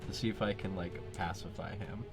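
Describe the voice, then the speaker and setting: A man playing a tabletop game as a player, speaking hesitantly with many pauses. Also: low-pitched, fairly even intonation. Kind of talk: tabletop role-play. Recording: music clearly behind.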